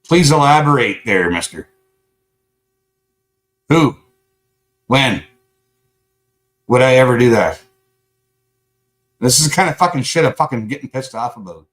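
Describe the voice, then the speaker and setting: A man's voice: mid-range voice, lively intonation, measured pace, long pauses, fairly bright tone. Male livestream host, combative and profane, sarcastic edge. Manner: angry, profane, confrontational. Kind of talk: live stream chat rant.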